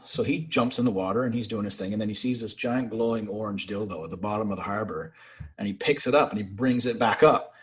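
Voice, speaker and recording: A man, a navy sailor guest, telling profane, animated anecdotes in casual conversation. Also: lowish voice, fast. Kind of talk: casual storytelling.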